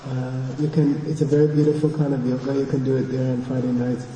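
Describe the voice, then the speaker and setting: A man teaching a meditation class to a group, talking in a relaxed, halting way with many fillers. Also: mid-range voice, a little hiss or hum. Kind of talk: guided meditation and dharma talk. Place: large echoey hall with a group. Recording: distant voice in a reverberant hall.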